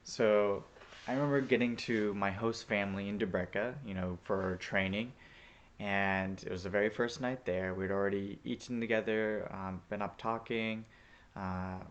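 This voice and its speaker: A man with a lowish voice, recorded with lo-fi sound, casually tells a vlog audience a story about his volunteer days. He is a returned Peace Corps volunteer, and his delivery is chatty and easygoing with plenty of fillers.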